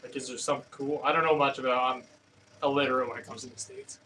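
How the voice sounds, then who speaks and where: A man livestreams himself at a running pottery wheel in his studio, chatting casually with viewers in the live chat in a rambling, hesitant way full of fillers and restarts. His mid-range voice is fast, steady and sharp-toned. The mic is distant, picking up faint room noise.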